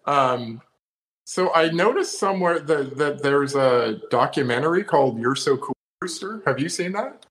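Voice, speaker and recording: A man's voice: a little high, animated, moderate pace, fairly bright tone, rough recording. A man co-hosting a horror movie podcast, chatting casually and hesitantly, often restarting his sentences. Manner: hesitant, lots of fillers and restarts. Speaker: podcast co-host. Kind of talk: casual chat.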